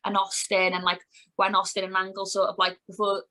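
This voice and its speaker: Bright chatty woman in her 30s from wales, rambles on with loads of "like", casual podcast guest. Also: mid-range voice, completely flat delivery, fairly quick, rough recording. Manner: chatty, rambling, heavy use of "like". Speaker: guest, wrestler.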